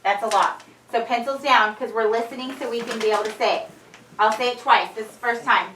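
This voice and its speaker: A woman teacher leading a phonics lesson in a classroom, drilling words slowly and clearly. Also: fairly high pitch, steady tone, pushed and bright, a little hiss or hum. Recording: echoey room from a distance.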